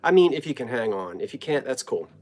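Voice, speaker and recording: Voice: mid-range voice, big pitch swings, quick pace, a little mellow. A middle-aged host from New Jersey, chatting casually on a live stream from a home basement and greeting viewers by name.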